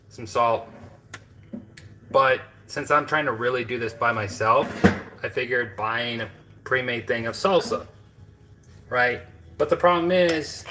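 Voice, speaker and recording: Bright-sounding guy rambling at his camera in his kitchen, lots of um and like. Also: medium pitch, slight background noise, rough recording. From American Midwest. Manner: rambling, many fillers and self-asides. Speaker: home cooking vlogger. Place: home kitchen.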